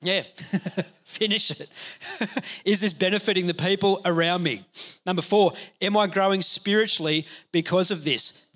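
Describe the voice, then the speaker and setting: A man pastor giving a conversational, energetic sermon, laughing now and then. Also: fairly high pitch, unhurried.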